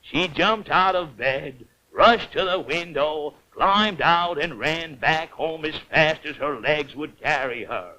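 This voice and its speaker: With a fairly high, bright and forceful voice, a man tells a fairy tale slowly and with few pauses, in the lilting style of a storyteller. It comes from an old cartoon whose soundtrack is dull and faintly hissy.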